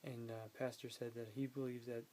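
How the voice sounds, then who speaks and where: A man's voice: medium pitch, flat delivery, fairly quick, mellow, slight background noise, low-quality recording. A man talking casually to his phone camera at home, rambling through his day with fillers and quoted bits of conversation. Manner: rambling storytelling with fillers, quoting others. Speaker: vlogger. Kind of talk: casual vlog chat.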